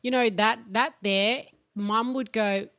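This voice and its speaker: A woman co-hosting a podcast, chatting casually and acting out her mother's scolding in lively bursts. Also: fairly high pitch, takes it slowly, dry recording, studio quality. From Australia. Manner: animated storytelling, acting out her mum's scolding voice. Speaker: podcast co-host. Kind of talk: casual chat.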